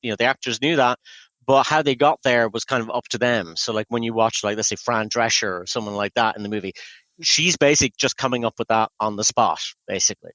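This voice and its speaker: Brief: male podcast host, mid pitch, dry close mic, eager rambling chat. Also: quick pace, a bit bright, no echo, low-quality recording. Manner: enthusiastic, rambling film recap. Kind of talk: casual chat. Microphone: podcast microphone.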